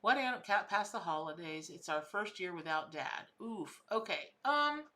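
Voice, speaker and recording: A woman's voice: on the low side, lively intonation, normal speed, pushed and bright. A woman hosting a live tarot stream, reading viewers' questions and talking in a chatty, emotional, effusive way. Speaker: tarot and spirit animal reader.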